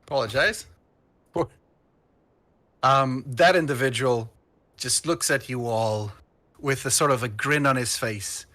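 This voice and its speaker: A man's voice: mid-range voice, measured pace, pauses often, sharp tone, no echo. A man narrating as game master of a tabletop game, rambling with many fillers.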